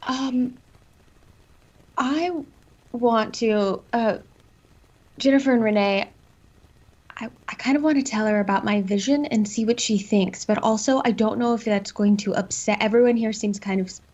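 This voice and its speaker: Female player, high voice, chatty and hesitant, frequent restarts; muffled call audio. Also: normal speed, pauses often, a little mellow. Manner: chatty, hesitant, self-interrupting. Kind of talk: in-character tabletop play.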